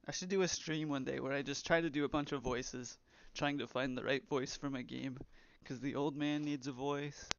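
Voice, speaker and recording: Gravelly young man streaming casually. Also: medium pitch, steady tone, normal speed, few pauses, no room sound. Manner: rambling, reads chat aloud. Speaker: game developer streamer. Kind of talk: casual live-stream chat. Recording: slightly dull, lo-fi stream audio.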